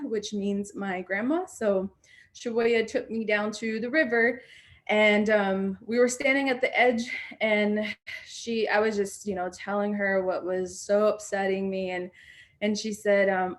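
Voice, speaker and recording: A young woman speaks on a video call, sharing a personal story. Her voice sits at a middling pitch. Her delivery is reflective and halting, full of ums and restarts. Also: steady tone. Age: young adult. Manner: reflective, frequent fillers and restarts. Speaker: panel speaker.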